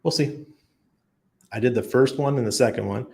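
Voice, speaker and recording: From his home in Panama, a man hosts a casual crypto livestream, reading viewer comments aloud and answering them off the cuff in a chatty way. His mid-range voice is gravelly and a little mellow, at a normal speed.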